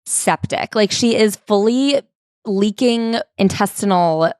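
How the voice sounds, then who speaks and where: A woman's voice: medium pitch, slow, no room sound, studio quality. A woman co-hosting a casual book-club podcast, wry and emphatic, with lots of "like". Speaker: podcast co-host.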